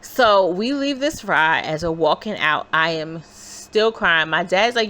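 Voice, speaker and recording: A woman vlogger telling a personal story in a casual, animated, chatty way. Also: lowish voice, measured pace, few pauses. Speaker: crochet vlogger. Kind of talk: casual storytelling while crocheting.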